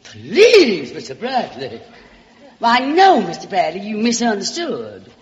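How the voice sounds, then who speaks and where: A woman's voice: medium pitch, huge pitch swings, slow pace. A woman with a Southern US accent hosting a radio variety show, delivering a comic monologue in a theatrical drawl, calling everyone darling. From Alabama, US South. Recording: muffled old radio broadcast with hall reverb and faint hiss.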